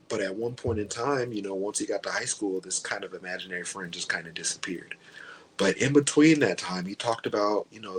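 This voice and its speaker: A man's voice: sits low, low-quality recording. A man chatting casually through a book review, rambling and stopping to hunt for names.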